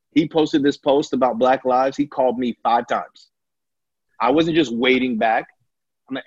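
A husky-voiced man, a pastor, speaks candidly in conversation, getting louder and higher when he presses a point. The recording is dry and a little dull. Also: normal speed, no echo. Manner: impassioned, rising loud and high when stirred.

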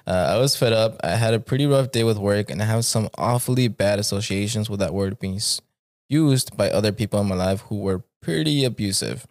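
A man's voice: lowish voice, fairly quick, dry recording, clean studio sound. A man hosting a podcast, reading stories aloud in a laid-back, casual way and swearing freely.

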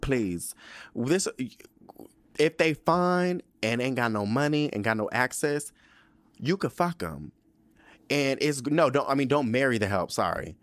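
A young man hosting a podcast, recapping a TV episode in a sassy, profane, animated way and slipping into quick voices for the characters. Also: mid-range voice, no echo. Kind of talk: casual recap monologue.

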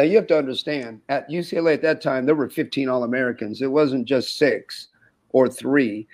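A man in his sixties, a former college basketball player, telling stories in an interview and acting out the dialogue with laughter. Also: medium pitch. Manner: animated storyteller who acts out quoted dialogue and laughs often. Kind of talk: anecdotal storytelling in an interview.

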